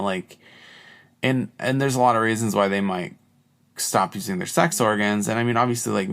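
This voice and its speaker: Gravelly-voiced rambling podcast host, a man. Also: on the low side, fairly bright tone. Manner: rambling, heavy use of "like", crude joking. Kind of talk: casual solo monologue.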